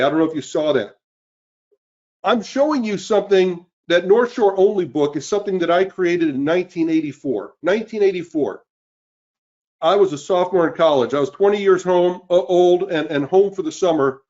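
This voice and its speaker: A man in his fifties hosting a live webinar sales pitch, upbeat and greeting listeners by name. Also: darkish tone, dull audio. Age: 50s. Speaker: webinar host. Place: cold indoor room.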